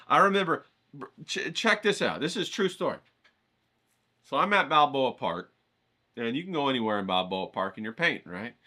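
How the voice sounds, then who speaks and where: A man telling a casual, rambling story, animated and acting out the voices of the people in it. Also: mid-range voice, moderate pace, pauses often. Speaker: painting vlogger.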